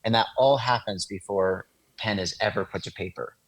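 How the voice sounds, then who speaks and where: A man, an interview guest, explaining in a relaxed casual way with lots of fillers. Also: fairly low pitch, moderate pace, poor audio. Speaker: guest, design agency founder.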